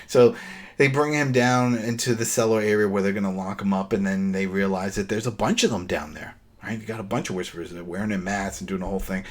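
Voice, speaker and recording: Animated man recapping a show. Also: fairly low pitch, fast talker. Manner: animated, acts out characters' lines in quotes. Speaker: podcast co-host. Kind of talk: casual podcast recap.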